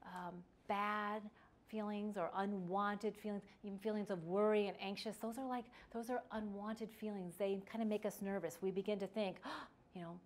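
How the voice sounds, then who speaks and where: A woman's voice: mid-range voice, fairly even intonation, moderate pace. A middle-aged woman giving an instructional talk on parenting, chatty, with fillers and restarts. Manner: conversational, many fillers and restarts. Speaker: parenting educator.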